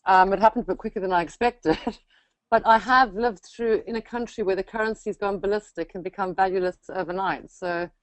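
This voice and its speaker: A woman with a colonial African English accent talks in a friendly, chatty way. Her voice sits at a middle pitch and sounds close and dry, with no room around it. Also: brisk, dry recording, poor audio. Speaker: guest. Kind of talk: interview on a call.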